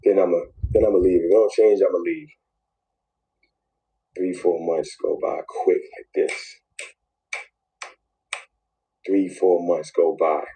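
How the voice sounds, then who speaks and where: A man's voice: sits low, fairly even intonation, moderate pace, mellow, breathy edge, rough recording. A man telling an emotional personal story in a played clip, repeating phrases and dropping to near whispers.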